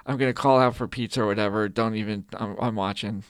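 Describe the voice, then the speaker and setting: A man co-hosting a podcast, chatting casually about golf in an animated way, often restarting his phrases. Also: on the low side, quick pace, over a noisy crowd. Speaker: podcast co-host.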